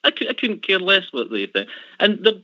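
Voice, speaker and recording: A male radio host makes his case earnestly, stumbling over restarts and swearing now and then. His tone is bright and forceful, and the sound is close and dry with a dull, lo-fi edge. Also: high-pitched, wildly swooping pitch, fairly quick, no room sound. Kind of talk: casual chat.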